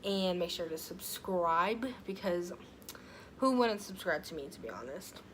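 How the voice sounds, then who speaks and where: Young female vlogger, lower voice, rambling storytime delivery, faint hiss. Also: animated, a little slow, rough recording. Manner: chatty, filler-heavy, swears freely. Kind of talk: casual storytime vlog. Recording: faint background noise.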